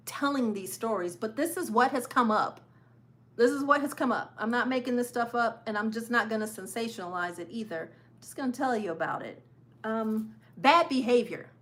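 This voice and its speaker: A woman's voice: mid-range voice, a bit bright. A woman hosting a live cruise news stream, chatting casually, repeating phrases for emphasis and laughing often.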